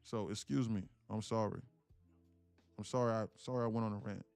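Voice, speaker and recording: This live-streaming day trader, around thirty, has a lowish, gravelly, smooth, slightly mellow voice with fairly even intonation and a brisk pace. Emphatic and repetitive, he keeps saying "listen, look" and swears casually while telling viewers a heartfelt story. It's a dry close-mic recording with no room sound and faint music behind.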